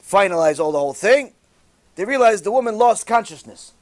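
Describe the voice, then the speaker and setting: High-voiced, animated storytelling rabbi. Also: male voice, brisk. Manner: animated storyteller with sudden loud bursts. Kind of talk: storytelling religious talk.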